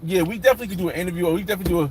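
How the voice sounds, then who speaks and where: A man's voice: high-pitched, very fast, darkish tone, a little hiss or hum. A man hosting a casual live chat, rambling with many restarts and fillers.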